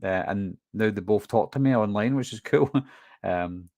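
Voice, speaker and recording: This clip features a Scottish man, host of a horror movie channel, whose Glaswegian accent is toned down as he reads viewer questions aloud and answers them in a relaxed live stream. He talks at normal speed in a slightly mellow, lowish voice. The sound is clean studio audio with no room sound.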